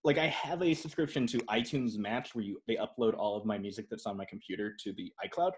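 A man hosting a teachers' podcast, chatting casually, halting and restarting his sentences. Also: lowish voice, animated. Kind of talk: casual chat.

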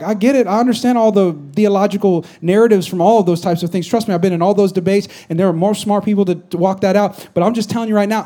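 A man preaching a conversational sermon as a pastor to a congregation, swinging from loud exhortation to quiet asides. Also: sits high. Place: church stage before a congregation.

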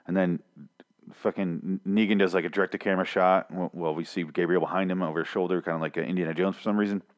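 A man's voice: low-pitched, fairly even intonation, quick pace, lo-fi sound. A man casually recapping a TV episode, rambling and swearing, with sarcastic asides.

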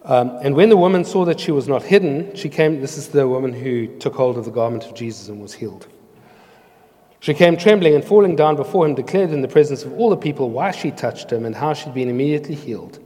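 A man's voice: mid-range voice, expressive, fairly quick, mellow. A man preaching a sermon in an earnest, storytelling way, explaining words of scripture. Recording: long hall reverb.

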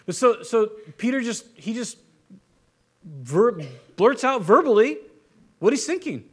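A man preaching a casual, joking sermon as a pastor, with animated delivery and frequent restarts. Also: extremely high pitch, measured pace, husky. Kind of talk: conversational Bible teaching sermon.

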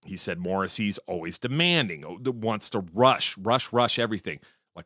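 A man talks through music history in a casual, profane monologue, full of opinions. His voice is bright and lively, swinging up high when he gets worked up. The sound is dry and close. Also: moderate pace, no room sound. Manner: profane, opinionated and animated, with frequent swearing; pitch jumps high when excited.

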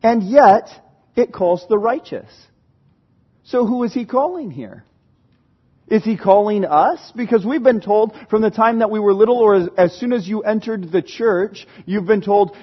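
A male pastor with a high, husky voice delivers a lively, conversational sermon in a church. He talks easily with the congregation and sometimes breaks into shouts. The recording is muffled and lo-fi. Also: a little slow.

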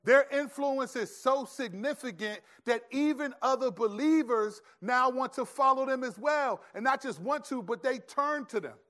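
A pastor preaching a sermon in an animated, conversational storytelling way. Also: male voice, very high voice, normal speed, hardly any pauses.

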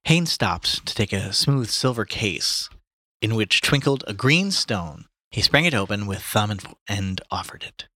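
A man reading a novel aloud to friends in a casual way, with a low, bright voice and a lively, rising and falling delivery. He sometimes trips over hard words and corrects himself, recorded close and dry. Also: a little slow, no room sound. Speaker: reader.

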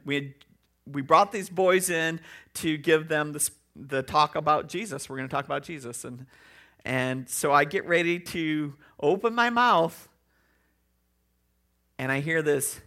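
A preacher delivers a sermon in a relaxed, conversational way, with animated storytelling. The voice is bright and clear, and it rises readily when a story builds. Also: medium pitch.

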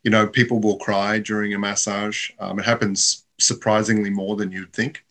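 A man's voice: fairly low pitch, level tone, moderate pace, a bit bright. A man in reflective casual conversation, talking in a thoughtful, musing way.

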